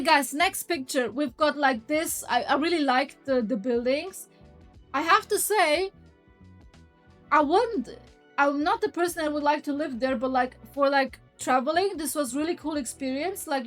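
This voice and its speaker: Excitable high-voiced woman streamer. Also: a little slow, soft background music. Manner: excitable, breaks into high squeals. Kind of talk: casual stream chat over her recap edit.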